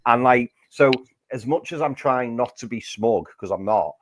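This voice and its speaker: A man's voice: medium pitch, normal speed, a little hiss or hum. A man hosting a football fan podcast, chatting with frequent restarts. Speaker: podcast host.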